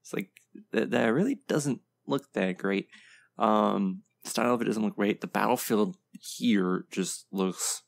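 Hosting a casual video game reaction video, a man offers blunt, opinionated commentary packed with ums and short laughs. His voice is low-ish, creaky, and unhurried.

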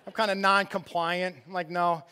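A man's voice: sits high, level tone, moderate pace, bright, forceful tone, clean tone. A middle-aged man preaching a conversational sermon in a church, arguing with rhetorical questions and often restarting his sentences. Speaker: church outreach director preaching.

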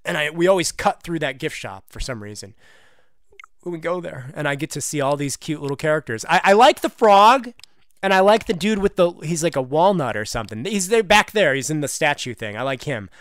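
A man's voice: fairly high pitch, lively intonation, brisk, a bit bright, no room sound. A young man hosting a gaming video, giving comedic, sarcastic commentary with self-mocking asides.

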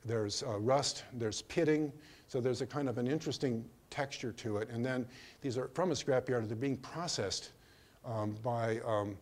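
An older man giving a slide lecture on his own work, speaking in a hesitant way with many pauses and restarts. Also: mid-range voice. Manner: hesitant, full of ums and restarts. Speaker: artist giving a museum talk.

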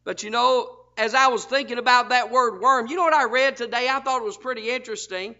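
Pastor, emphatic sermon delivery, sharp bright voice, dull recording. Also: male voice, very high voice, fairly quick. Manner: fervent, emphatic preaching with frequent "hey". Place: church sanctuary.

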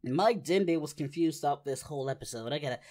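A woman voicing a brash, excitable adult male martial artist hero, giving in-character reaction commentary and yelping at the screen. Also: low voice, fairly quick. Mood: musing. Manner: excitable, yelps and shouts at the screen. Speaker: reaction video host.

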